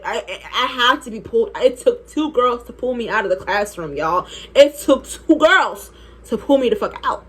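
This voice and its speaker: A young woman vlogger telling an animated, profane story while doing her makeup. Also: a little high, normal speed, breathy edge. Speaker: beauty vlogger.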